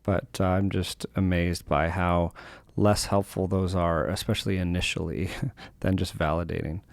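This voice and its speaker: A man with a very deep voice talks in a relaxed podcast chat, thoughtful and given to little chuckles. The recording is dry and close-miked. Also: normal speed, creaky, dry recording. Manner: reflective, chuckles between points. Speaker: podcast co-host. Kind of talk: casual podcast conversation.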